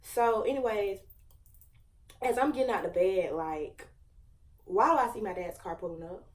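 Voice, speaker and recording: A woman's voice: mid-range voice, expressive, normal speed, distant mic. A young woman in her late teens, casually telling a dramatic storytime with lots of slang and fillers. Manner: chatty, slangy, dramatic retelling. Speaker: vlogger.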